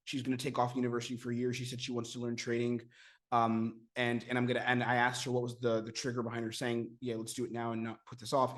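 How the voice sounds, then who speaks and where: An American man coaching viewers on sales technique, talking energetically and acting out sales-call dialogue. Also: mid-range voice. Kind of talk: teaching sales technique to camera.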